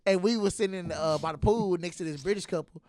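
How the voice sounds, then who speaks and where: A man's voice: high voice, a little fast, a little mellow, slight background noise. A man hosting a podcast, telling stories in casual chat and often saying "you know what I'm saying". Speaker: podcast host.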